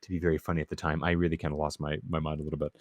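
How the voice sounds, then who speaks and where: A man's voice: a bass voice, level tone, very fast, dry recording. A man co-hosting a casual film podcast, talking thoughtfully with many stammered restarts. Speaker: podcast co-host.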